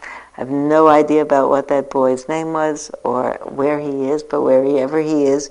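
A woman in her sixties giving a reflective dharma talk as a meditation teacher, telling a personal story with gentle self-mocking humor. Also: low-pitched, flat delivery, a little slow, rough recording. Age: 60s.

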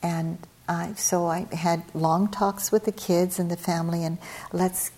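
A woman's voice: fairly low pitch, little pitch movement, measured pace, mellow. A middle-aged woman, a meditation teacher, telling a personal story in a conversational dharma talk, with frequent fillers and a livelier lilt when she acts out scenes.

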